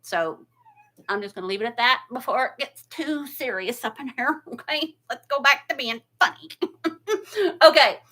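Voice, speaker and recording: Bright, chatty woman host. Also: high voice, normal speed. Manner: chatty, gushing, laughs often. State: near tears. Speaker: craft channel host. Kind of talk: casual livestream chat.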